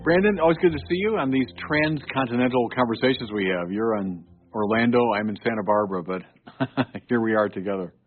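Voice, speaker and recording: A man's voice: medium pitch, a little fast, faint music behind. A man in his sixties, a bishop and guest on a talk show, speaking earnestly and telling stories with emphasis. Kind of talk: conversational podcast chat. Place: home studio. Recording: narrow phone-like sound.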